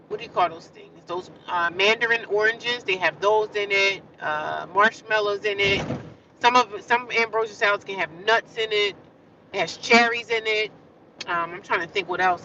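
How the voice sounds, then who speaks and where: A woman's voice: medium pitch, pushed and bright, slight background noise. A woman chatting casually with viewers on a livestream, rambling and repeating herself. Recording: distant, slightly dull phone audio.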